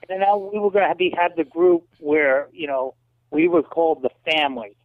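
A man's voice: steady tone, moderate pace, dry recording. A man who is a former kickboxer and wrestling promoter, telling stories as an interview guest and acting out the people he quotes. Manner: acts out quoted voices with big pitch jumps. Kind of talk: animated storytelling in an interview. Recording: tinny phone-like line, dry.

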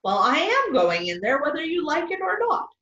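A woman voicing a fierce, desperate mother who pleads and argues forcefully. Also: sits high, animated, measured pace, pitched above the performer's own voice. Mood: defiant. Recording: distant, roomy, dull sound.

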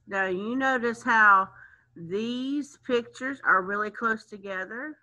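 Woman music teacher, very slow sing-song chanting, sharp bright tone, dull lo-fi sound. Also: medium pitch. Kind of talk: music lesson for children.

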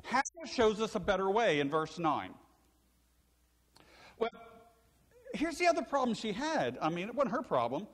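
Older man, pastor, sermon, lively swooping pitch, long church reverb. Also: normal speed, long pauses. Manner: animated storytelling preacher, asks the congregation questions. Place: church sanctuary.

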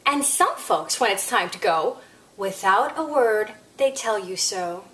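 A woman hosting a children's story time, reading a picture book aloud in an expressive, sing-song way with playful asides. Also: mid-range voice, a little slow.

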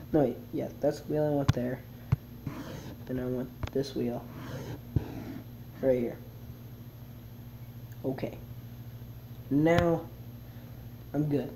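A gravelly, medium-pitched voice comes through a noisy background as a player casually comments on a game. He reads its text aloud, chuckling at it along the way.

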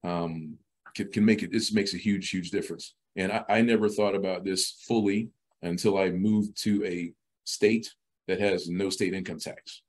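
A man's voice: low-pitched, fairly even intonation, moderate pace, husky. A middle-aged man as a podcast guest, talking casually with many restarts and repeated words. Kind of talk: casual interview talk.

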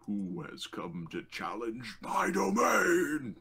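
A man's voice: medium pitch, huge pitch swings, takes it slowly, creaky, bright, forceful tone, full character voice. A man voicing a haughty male fey lord of an autumn court who bellows imperious challenges.

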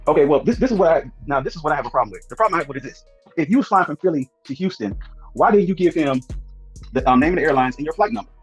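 Husky fast-talking man questioning a guest. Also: fairly high pitch, animated, faint music behind, poor audio. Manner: probing, interrupting with questions. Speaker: host. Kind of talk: live stream interview.

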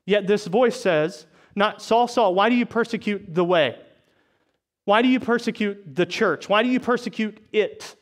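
Pastor guy with a high voice, preaching in church, chatty asides between verses. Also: moderate pace, a bit bright. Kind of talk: sermon. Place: church service.

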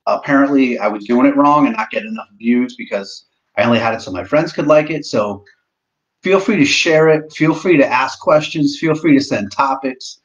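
A man's voice: mid-range voice, moderate pace, muffled recording. A young man hosting a casual live stream, joking and swearing a lot while eating. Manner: joking, profane, self-mocking. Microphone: laptop mic.

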